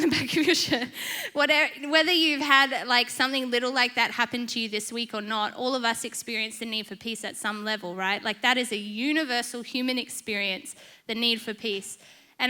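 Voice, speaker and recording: A woman giving a sermon, telling personal stories in a lively, humorous, chatty way. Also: a little high, smooth. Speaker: church speaker.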